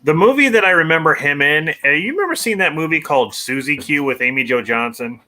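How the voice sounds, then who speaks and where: Male co-host, bright and animated voice, halting with many restarts. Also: on the high side. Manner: hesitant, full of restarts, animated. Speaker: podcast co-host. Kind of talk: casual movie review chat.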